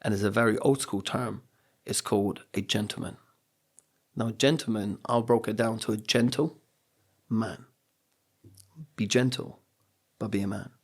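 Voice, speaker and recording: A man's voice: on the low side, fairly even intonation, normal speed. A middle-aged man, a coach and speaker, telling personal stories on a podcast in an earnest, motivational way. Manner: earnest, motivational, acts out quotes. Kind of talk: reflective podcast storytelling.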